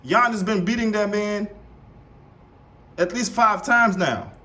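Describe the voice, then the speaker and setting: A man reacting live to a debate show clip, heated and animated, repeating himself and swearing. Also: sits high, slow pace. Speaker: reaction streamer.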